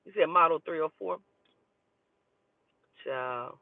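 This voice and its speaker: A woman telling a personal story in a casual, profane and animated way. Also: deep voice, slow, gravelly, no echo. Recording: tinny phone-like dry recording.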